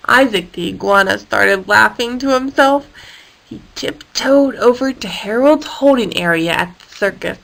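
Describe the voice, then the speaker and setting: A woman reading a children's story aloud in an expressive, playful way. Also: medium pitch, measured pace, creaky, poor audio. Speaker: storybook reader.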